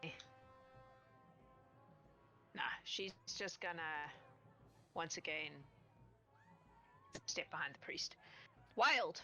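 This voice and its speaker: A woman's voice: on the low side, expressive, drawn-out words, long pauses, pushed and bright, soft background music. A woman running a tabletop game as game master, narrating playfully and laughing often.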